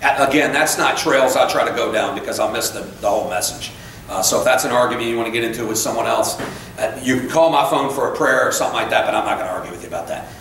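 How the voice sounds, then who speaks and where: Male preacher, energetic off-the-cuff sermon, faint noise in a roomy church. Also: medium pitch, gravelly. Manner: fired-up, conversational, quick asides and self-corrections. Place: church sanctuary. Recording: very echoey church room, voice from far off, faint noise.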